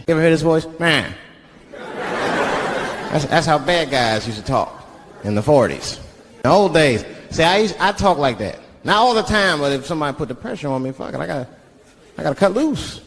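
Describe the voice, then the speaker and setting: A man doing stand-up comedy, telling loose, profane stories and jumping in and out of voices. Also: on the high side. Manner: loose, profane storytelling that jumps into character voices. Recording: live club with loud audience laughter.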